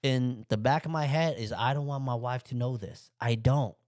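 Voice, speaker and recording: A man hosting a podcast, casually telling a personal story and acting out his own thoughts with sudden jumps in pitch. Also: normal speed, darkish tone, dry recording, studio quality. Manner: plain, conversational English with loose grammar. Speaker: podcast host. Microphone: podcast microphone.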